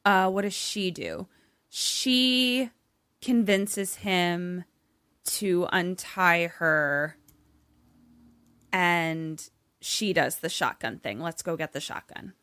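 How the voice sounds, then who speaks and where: A woman co-hosting a podcast, thinking out loud and swearing in casual, exasperated banter. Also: on the low side, very slow, clean tone, no echo. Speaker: podcast co-host.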